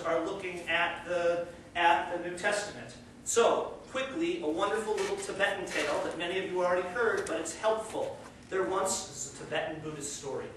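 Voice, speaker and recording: Male lecturer, high-voiced, encouraging and conversational, distant mic in an echoey classroom. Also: slight background noise. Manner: conversational, encouraging, animated storyteller. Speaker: college religion teacher. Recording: echoey classroom, heard from far off.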